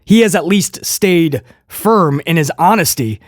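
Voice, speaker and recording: A man hosting a wrestling news show, talking casually to viewers in an excitable, rambling way with jokey asides. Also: fairly high pitch, a little slow, dry recording, studio quality.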